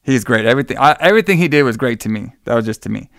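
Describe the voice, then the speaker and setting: A man's voice: medium pitch, animated, rapid-fire, vocal fry, dry recording, studio quality. A man hosting a casual podcast chat, enthusiastic, rambling and profane. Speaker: podcast host.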